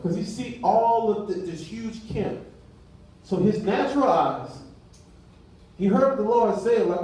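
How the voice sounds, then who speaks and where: Guy preaching loose and chatty, high voice, heard from far away, lots of echo. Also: a little slow. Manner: animated preaching in a casual, colloquial way, acting out dialogue. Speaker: pastor. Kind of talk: sermon. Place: church hall. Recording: echoey room from far off the mic.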